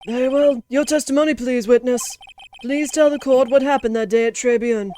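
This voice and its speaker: Woman voicing an old courtroom judge, high-pitched, formal and slow-spoken. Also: steady tone, dark tone, a little hiss or hum, natural voice. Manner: formal, ponderous. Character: fussy elderly male judge.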